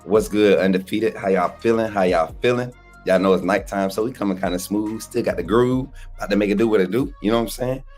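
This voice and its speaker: A man with a hoarse, worn voice, co-hosting a casual live stream and greeting viewers by name. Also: lowish voice, quick pace, hardly any pauses, soft background music. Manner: loose, animated, greets chat viewers by name. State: hoarse, voice nearly gone. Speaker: livestream co-host.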